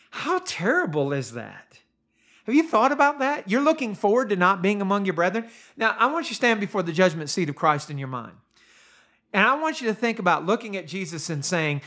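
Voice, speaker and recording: A man's voice: high-pitched, big pitch swings, normal speed, a bit bright. A man preaching a sermon, earnest and emphatic, asking the listener pointed rhetorical questions. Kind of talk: sermon podcast.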